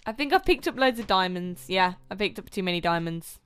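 A woman's voice: lowish voice, expressive, a little fast, smooth. A woman co-hosting a casual gameplay video, playful and easygoing as she plays along. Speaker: gaming video co-host.

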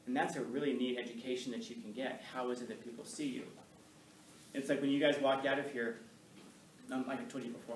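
A man teaches from the front of a roomy, echoing classroom, and the camera sits well back from him. A steady hiss runs under his voice. His talk rambles and jokes, and he acts out the voices of the people he quotes. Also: mid-range voice. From Los Angeles. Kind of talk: classroom lecture. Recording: distant echoey classroom with noise.

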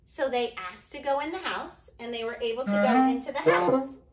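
A woman teaching preschoolers online, telling a Bible story in a gentle, sing-song way. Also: on the high side, over a noisy crowd. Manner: gentle, sing-song, talking slowly to small kids. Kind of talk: storytelling to young children. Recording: echoey room.

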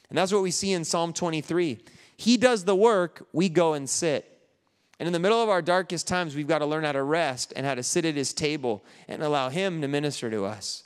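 A man's voice: on the high side, brisk, smooth. A man preaching a sermon to his church in an earnest, conversational way. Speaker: pastor. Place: large church hall. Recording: echoey church hall with long reverb.

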